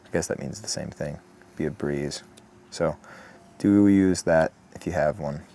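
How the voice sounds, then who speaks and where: A man talking through a woodcarving tutorial outdoors in a relaxed, chatty way, with asides. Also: a bass voice, measured pace, vocal fry. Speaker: woodcarving instructor. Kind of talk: step-by-step tutorial narration. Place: outdoors in the morning.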